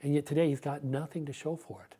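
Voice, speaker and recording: Reflective male pastor, mellow voice. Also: a little high, flat delivery, quick pace, breathy edge. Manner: earnest, reflective, with frequent repeats. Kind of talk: sermon.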